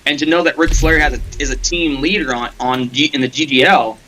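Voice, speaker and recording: A man chatting casually as a guest on a gaming stream, telling animated stories with laughter and the odd swear. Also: medium pitch, a little fast, a little hiss or hum, rough recording. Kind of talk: casual storytelling chat.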